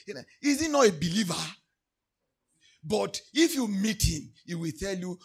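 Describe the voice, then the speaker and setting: A male pastor with a Nigerian English accent delivers a sermon in a high, bright voice. His tone is gravelly and husky, and he shifts between quiet remarks and shouted, sing-song declarations. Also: lively intonation, a little slow, long pauses.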